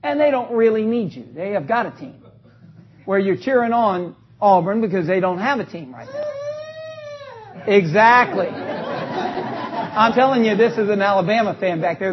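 High-voiced preacher, lo-fi. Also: male voice, animated, moderate pace, slightly rough. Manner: calls out to the congregation, joking, rising to loud exclamations. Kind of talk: energetic sermon. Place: church. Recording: dull lo-fi recording.

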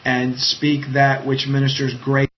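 Casting note: man giving a casual live-streamed Bible talk, halting and chatty, slightly dull sound with faint noise. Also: mid-range voice, level tone. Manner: conversational, halting, with many fillers and restarts. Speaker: preacher leading an online Bible study.

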